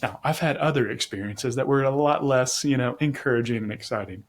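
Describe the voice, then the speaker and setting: A man's voice: medium pitch, a little fast. A man from Tennessee hosting an interview podcast, enthusiastic and affirming, telling stories in a casual way. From Tennessee, USA. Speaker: podcast host.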